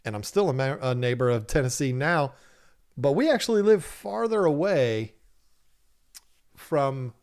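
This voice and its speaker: This aquarium channel host runs a relaxed livestream, reading chat comments aloud, joking, laughing often and speaking animatedly. His medium-pitched voice is animated and a little mellow, a bit slow, with frequent pauses.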